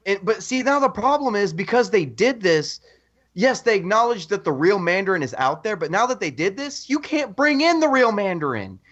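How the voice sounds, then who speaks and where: A man co-hosting a podcast, telling stories in an animated, excitable casual chat. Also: high-pitched, moderate pace. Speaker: podcast co-host. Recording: dull lo-fi audio.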